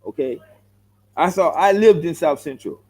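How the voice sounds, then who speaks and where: A man's voice: on the high side, lively intonation, moderate pace, darkish tone, low-quality recording. A middle-aged man with a Los Angeles accent, a vlogger giving a heated, blunt answer to viewer comments straight into the camera. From South Central Los Angeles, United States. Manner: blunt, confrontational, repeats himself, calls viewers bro. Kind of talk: heated direct-to-camera rant.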